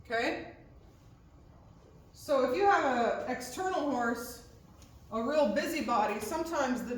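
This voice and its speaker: A woman's voice: high-pitched, a little slow. A woman horse trainer walks her viewers through a hands-on lesson step by step, often stopping to ask "okay?". Her voice is heard from a distance in a very echoey space, with faint noise underneath. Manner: explains step by step, checks in with "okay?". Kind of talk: hands-on instruction.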